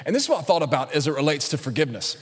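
High-voiced preacher in a reverberant hall. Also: male voice, rapid-fire, husky. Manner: storytelling, joking, animated with acted-out quotes. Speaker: pastor. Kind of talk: sermon. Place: church sanctuary.

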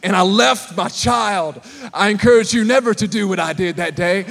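A man's voice: high voice, normal speed, creaky. A man preaching a sermon to a congregation, telling a story with humor and calling out to the listeners. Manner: animated, calls out to the congregation. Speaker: pastor. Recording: long reverb of a large hall.

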